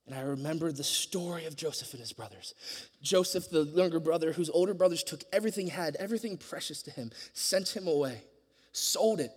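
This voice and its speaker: A man preaching a sermon, telling a personal story earnestly, his voice swinging from loud passages to hushed ones. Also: medium pitch, in a large hall.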